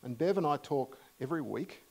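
A middle-aged Australian man preaching a sermon in a church, telling humorous stories warmly with many fillers and restarts. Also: fairly high pitch, expressive, brisk, vocal fry, poor audio. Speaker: guest preacher. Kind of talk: storytelling sermon.

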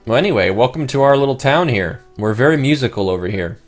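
A man's voice: mid-range voice, expressive, fast, soft background music, close to an everyday voice. A man voicing a condescending townsman who plays the saxophone, in a game story. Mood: dismissive. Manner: dismissive, condescending. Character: snooty saxophone-playing townsman.

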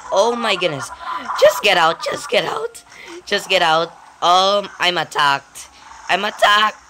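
A person giving casual gameplay commentary, excitable, with frequent startled exclamations, giggles and rambling restarts. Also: medium pitch.

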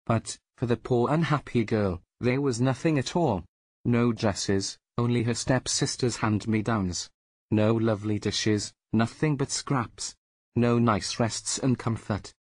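Husky man reading a fairy tale. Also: medium pitch, measured pace, no room sound. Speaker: storyteller. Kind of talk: fairy tale read-aloud.

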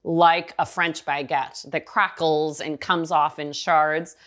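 A woman's voice: sits low, level tone, slow, a bit bright. A middle-aged woman hosting a baking show, chatting thoughtfully and explaining baking points at length. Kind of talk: casual chat over a video call.

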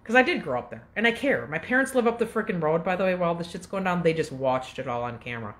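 A woman's voice: on the low side, lively intonation, a bit bright. Woman in her 50s venting at the camera, worked up, cussing, all over the place. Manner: agitated, profane storytelling with quick asides. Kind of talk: casual rant to camera.

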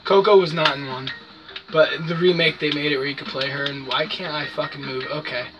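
A gamer giving casual, profane gameplay commentary, yelping and shouting whenever the game goes wrong. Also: mid-range voice, fairly even intonation, fairly quick. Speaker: let's play gamer. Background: game music.

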